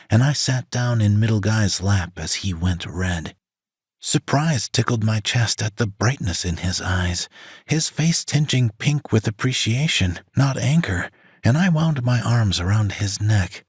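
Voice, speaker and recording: A man narrating an audiobook in a measured, steady reading with a husky voice. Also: lowish voice, no echo, studio quality.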